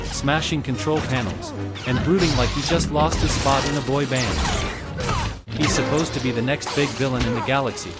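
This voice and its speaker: A man narrating scripted comedic commentary in a sarcastic, mocking roast style. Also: medium pitch. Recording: loud music bed behind voice.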